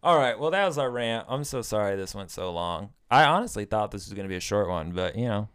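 Animated young man ranting in mock outrage. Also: lowish voice, quick pace, clear, resonant tone. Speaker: podcast co-host. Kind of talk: casual podcast banter.

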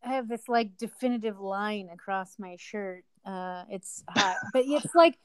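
A woman's voice: medium pitch, a little slow, clear, resonant tone. A woman co-hosting a podcast in casual chat, talking with lots of likes and fillers. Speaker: podcast co-host.

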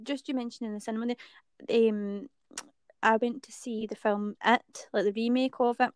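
A woman's voice: fairly high pitch, fairly even intonation, normal speed, smooth, no room sound, studio quality. A woman chatting casually, rambling with lots of fillers and the odd swear word. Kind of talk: casual chat.

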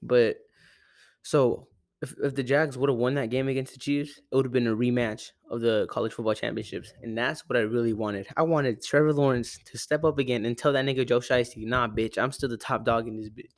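A man's voice: medium pitch, fairly even intonation, fairly quick, no echo. A young man from Arizona rambling through a casual, profane sports rant at home, often correcting himself. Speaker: sports podcaster. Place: home room with a cat. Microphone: close desk mic.

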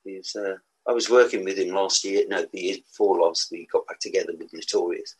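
A man's voice: deep voice, a little fast, husky, low-quality recording. A man in his sixties with a West Midlands accent, a musician guest telling rambling stories with laughs and restarts. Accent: West Midlands English. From England. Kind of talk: casual storytelling.

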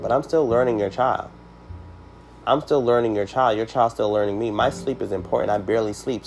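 A man's voice: medium pitch, a little mellow, slight background noise. A man hosting a podcast, telling a personal story in a casual, emphatic way, full of "you know" fillers. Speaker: podcast host.

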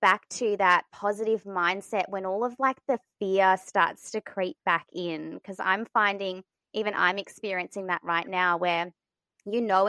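A woman's voice: mid-range voice, fairly bright tone, no room sound. A woman hosting a podcast, asking long, thoughtful, rambling questions in a casual way. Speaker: podcast host.

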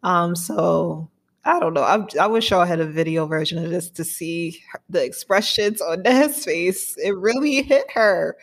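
A woman co-hosting a podcast, chatting in a teasing, casual way. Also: lowish voice. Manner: chatty, teasing, quick to react. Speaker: podcast co-host. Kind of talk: casual chat.

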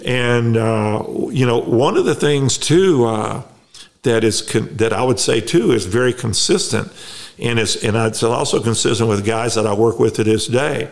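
A middle-aged man telling his recovery story as a podcast guest, halting and reflective, with many restarts. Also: medium pitch, vocal fry. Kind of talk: casual conversation.

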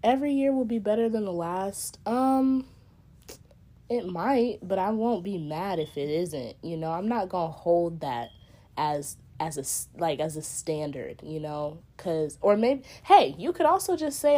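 A woman's voice: mid-range voice, expressive, normal speed, dark tone. A woman hosting a casual solo podcast, speaking candidly and reflectively and cursing freely in a slang-heavy drawl. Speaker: podcast host.

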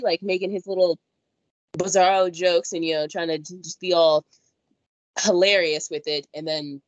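A woman in casual conversation, animated, slipping into playful voices when she quotes someone. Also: lowish voice, normal speed, no room sound, dull audio. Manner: animated, jumps into mock voices when quoting. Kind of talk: casual chat.

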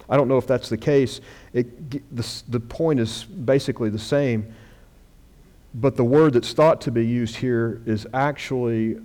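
A man preaching a sermon as pastor, stressing words loudly and then dropping to quiet asides, in a church with a screen behind him. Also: mid-range voice. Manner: emphatic preaching, swings from loud stresses to quiet drops.

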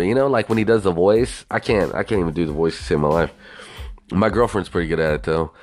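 A man's voice: on the low side, lively intonation, fairly quick, faint music behind. A man from the United States in a casual, rambling, profane monologue, often asking whether you know what he means.

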